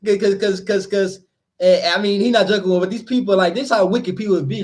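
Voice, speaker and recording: Brief: higher-voiced man, animated scripture commentary, casual street talk. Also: quick pace. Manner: animated, laughing, acts out quoted people. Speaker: teacher leading scripture study.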